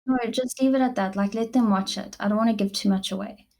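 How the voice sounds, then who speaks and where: A woman's voice: medium pitch, fairly even intonation, fast talker, darkish tone. A young woman with a South African accent, co-hosting a podcast in casual, gushing chat full of "like" fillers. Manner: chatty, gushing, many "like" fillers. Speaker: podcast co-host.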